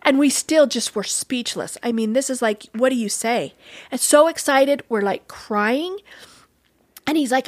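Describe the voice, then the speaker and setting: Woman guest, animated storyteller, slightly high voice, dry close sound, earnest. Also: measured pace, no echo. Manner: earnest, animated retelling with quoted dialogue. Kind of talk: personal storytelling in a talk interview.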